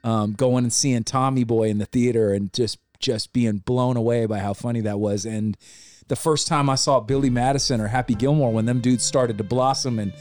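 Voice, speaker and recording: A man's voice: medium pitch, steady tone, normal speed, darkish tone, faint music behind. A man in his forties hosting a casual podcast, joking and reminiscing in a loose, slightly tipsy way. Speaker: podcast host.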